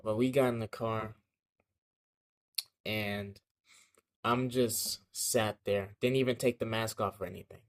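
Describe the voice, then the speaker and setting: A man's voice: lowish voice, fairly even intonation, measured pace, long pauses. A young man telling a childhood story in a casual vlog, rambling and slangy, with lots of fillers and swearing.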